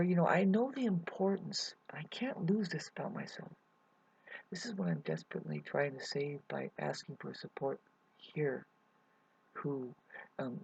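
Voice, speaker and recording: A man's voice: mid-range voice, creaky, darkish tone, slightly rough, no room sound. A man rambling through a hesitant personal update to his viewers, full of fillers and restarts. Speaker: vlogger. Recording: dull lo-fi recording.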